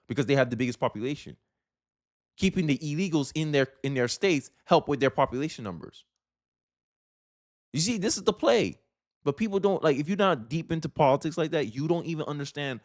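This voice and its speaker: In a vlog, a man with a medium-pitched voice delivers emphatic, informal political commentary, frequently firing rhetorical questions at his viewers.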